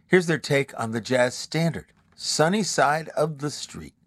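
Lively, dry-voiced male radio host. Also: fairly high pitch, unhurried, dry recording. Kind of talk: scripted radio hosting.

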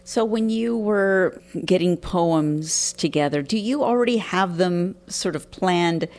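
A woman hosts an interview and asks thoughtful questions in an easy, conversational way. Her voice is notably low for a woman. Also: takes it slowly, a little mellow.

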